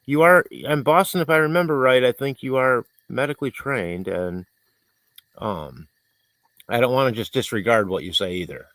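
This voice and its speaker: A man's voice: mid-range voice, moderate pace, a bit bright, dry recording. A man hosting a livestream, rambling in casual chat and reading viewers' comments aloud, congested and coughing. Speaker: livestream host.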